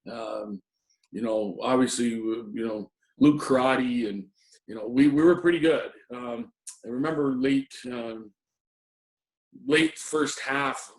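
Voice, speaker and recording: A middle-aged man, a former assistant hockey coach, reminiscing in an interview with many ums and restarts. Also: mid-range voice. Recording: roomy echo.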